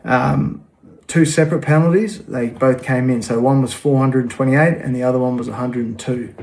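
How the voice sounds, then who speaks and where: A man talking frankly and casually, pausing often with ums as he explains a personal matter. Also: mid-range voice, steady tone, a little mellow. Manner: frank, plain-spoken, frequent ums. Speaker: vlogger. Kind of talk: casual talk to camera.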